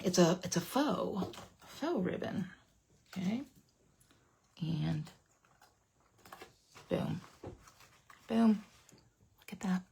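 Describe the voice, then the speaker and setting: Chatty woman with a gravelly voice. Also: on the low side, very slow, long pauses, slight background noise. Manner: chatty, playful and excitable, drops to gushing whispers. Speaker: papercraft demonstrator. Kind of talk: casual live craft demo.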